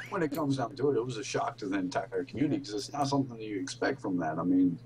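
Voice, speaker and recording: A man's voice: fairly low pitch, lively intonation, fast, a little mellow, a little hiss or hum, rough recording. A man co-hosting a gaming podcast, speaking earnestly and rambling a bit with restarts. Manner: earnest, rambling, with false starts. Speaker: podcast co-host. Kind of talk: casual reflective chat.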